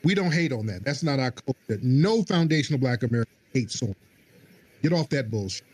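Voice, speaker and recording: A man's voice: medium pitch, lively intonation, brisk, darkish tone, slightly rough. A man hosting a call-in livestream show, talking in a combative, mocking way. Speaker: host.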